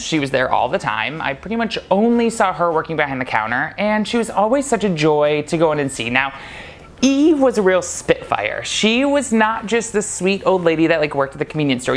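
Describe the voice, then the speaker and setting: A man casually telling a personal story to camera, chatty and laughing often. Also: high-pitched. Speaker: vlogger.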